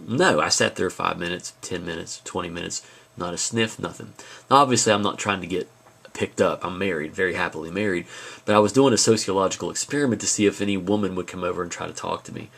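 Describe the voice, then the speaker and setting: Low-voiced man giving a video lecture. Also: quick pace, creaky, fairly bright tone, breathy edge. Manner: conversational storytelling, frequent asides. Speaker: high school teacher.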